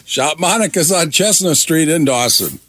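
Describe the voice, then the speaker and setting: A man's voice: on the high side, expressive, normal speed. A man setting up a shop ad on local radio, teasing his co-presenter. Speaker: radio ad co-host. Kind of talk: scripted radio ad banter.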